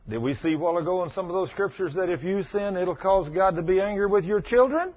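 A man preaching a sermon, telling stories in a fervent, animated way with a husky voice. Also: high-pitched, fast talker, hardly any pauses, highs cut off.

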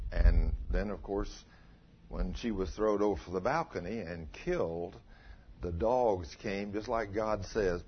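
A man preaching a sermon in a folksy way, asking the listeners rhetorical questions and telling stories. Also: husky. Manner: folksy, rhetorical tag questions, dramatic pitch swings. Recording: dull lo-fi recording.

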